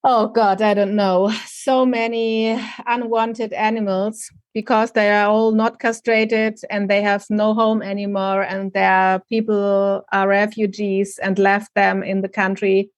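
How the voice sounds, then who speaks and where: A German-accented woman speaking English as a second language, slow and unhurried, with an even, level delivery that barely rises or falls. She talks earnestly and haltingly, pausing to search for words. The sound is dry and close. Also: mid-range voice, no echo. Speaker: guest, animal rescue project head. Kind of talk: casual interview over a call.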